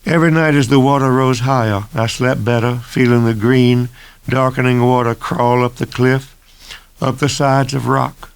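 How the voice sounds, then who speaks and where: Man in his sixties narrating his own novel, gravelly and measured. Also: medium pitch, steady tone. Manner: measured, deliberate first-person reading. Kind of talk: abridged audiobook narration.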